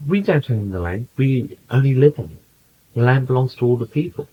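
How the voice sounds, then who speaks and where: A man in a channeling session, speaking in a calm, patient, coaching way and telling anecdotes to a small group. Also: medium pitch, a little fast, phone-quality sound, slight background noise. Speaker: channeler giving spiritual counsel. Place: small room with a group present.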